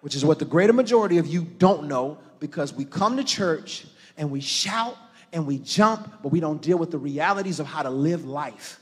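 Man, pastor, sermon, high voice, rises from hushed to shouting, talks to the congregation, long church hall reverb. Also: expressive, moderate pace, slightly rough. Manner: impassioned preaching that swings from hushed to shouting; calls on the congregation directly.

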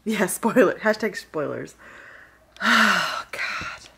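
A woman's voice: medium pitch, lively intonation, slow, vocal fry, noisy background. A woman in her thirties chatting casually at home for her weekly vlog, laughing often and talking to her dogs. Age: 30s. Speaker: vlogger. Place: at home indoors.

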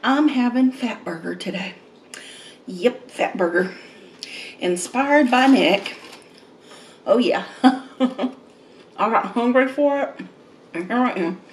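Slow-talking woman eating on camera. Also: fairly high pitch, reverberant, slight background noise. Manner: chatty, laughs often, slow and relaxed. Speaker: mukbang vlogger. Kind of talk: casual eating vlog chat. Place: home, eating at a table.

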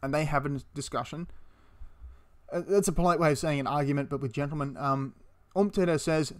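A man's voice: a little high, brisk. A man telling a battle story casually, swearing and acting out the quotes. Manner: animated, swears, acts out quotes in character. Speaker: history video host. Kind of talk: casual storytelling history talk.

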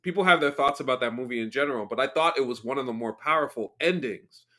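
A man hosting a podcast, chatting casually, enthusiastic and halting as he restarts his sentences. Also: medium pitch, pushed and bright. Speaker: podcast host. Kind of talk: casual chat.

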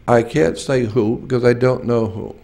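A man in his late sixties speaks at a symposium in an earnest, emphatic way. He tells personal stories and circles back over his phrases for weight. His voice sits in an ordinary middle pitch. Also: moderate pace, gravelly, warm tone. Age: 60s.

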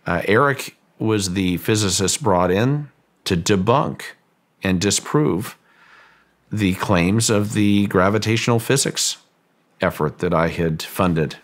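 Male guest, deep low register, long halting anecdote, voices others' lines with lifts. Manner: halting, with frequent restarts and fillers; acts out quoted lines with raised pitch. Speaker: guest, ranch owner. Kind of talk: storytelling in a long-form interview.

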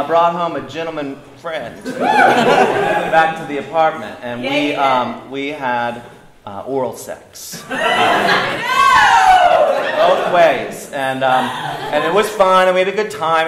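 A man telling a story in casual chat as a guest, laughing often as he talks. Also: fairly high pitch. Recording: echoey room with loud noise.

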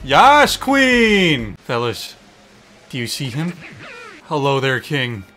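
A young man giving excitable, profane let's-play commentary, talking to the game and its creatures as he plays. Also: medium pitch, slow pace, soft background music. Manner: excitable, swearing, talks to the game. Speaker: gaming YouTuber.

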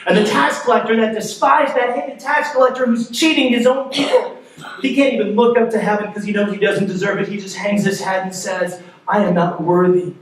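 A man preaching a sermon as pastor, telling a story in a conversational, lively way. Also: very high voice, brisk. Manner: storytelling, animated in places, conversational. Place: church sanctuary. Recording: echoey sanctuary, mic far off.

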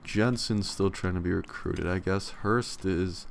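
A man's voice: sits low, steady tone, unhurried, vocal fry, a little hiss or hum. A young man giving casual gameplay commentary, profane, sarcastic and tired, grumbling at the game. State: yawning, tired. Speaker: let's play commentator.

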